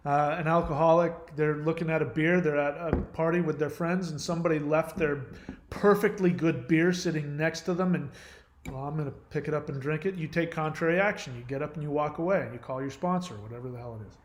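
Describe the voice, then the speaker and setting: A man's voice: on the high side, steady tone, fairly quick, slight background noise. A middle-aged man from the United States talking in a casual monologue, rambling, blunt and profane, often hedging that he doesn't know. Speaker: host.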